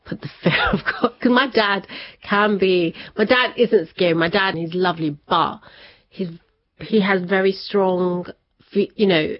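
A woman's voice: medium pitch, a little slow, dry recording. A woman guest in an interview, telling a personal family story in a chatty way and laughing often. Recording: slightly dull lo-fi sound.

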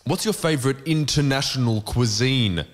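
A man's voice: medium pitch, normal speed. An Australian man co-hosting a casual radio chat. His voice sits mid-range, and he banters and pushes back combatively, often laughing. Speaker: radio co-host.

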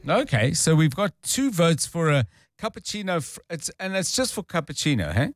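A man's voice: fairly high pitch, big pitch swings, moderate pace, no room sound, clean studio sound. A man hosting a live talk radio show, taking calls and explaining the news in a conversational way. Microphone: studio microphone.

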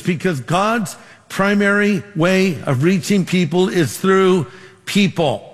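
A man's voice: high voice, expressive, measured pace, long reverb tail. A man preaching a sermon as pastor, making numbered points and telling stories with quoted dialogue.

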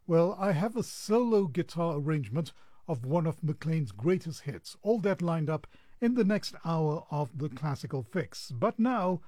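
A man's voice: fairly high pitch, lively intonation, a little slow, dark tone, no room sound, clean studio sound. A male radio presenter introducing classical music on air in an easygoing, chatty way, fighting off a bout of hiccups. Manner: easygoing, chatty with small asides. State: has the hiccups. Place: radio studio.

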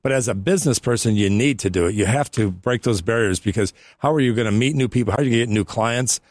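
A man's voice: medium pitch, fast, darkish tone, dry recording, clean studio sound. A man hosting a radio show in easygoing, casual banter who chuckles often. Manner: easygoing, chuckles often, talks business tips. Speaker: radio host. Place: radio studio. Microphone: studio microphone.

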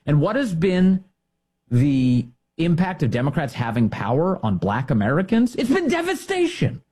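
A man's voice: fairly high pitch, expressive, normal speed, dark tone, slightly rough. A man hosting a political commentary show, talking in a sarcastic, emphatic, scornful monologue.

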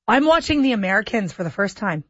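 A woman's voice: medium pitch, big pitch swings, fast, breathy edge, dry recording. A woman hosting a radio show, joking and teasing in casual chat. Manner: playful, joking, self-teasing. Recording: dull, dry studio radio sound.

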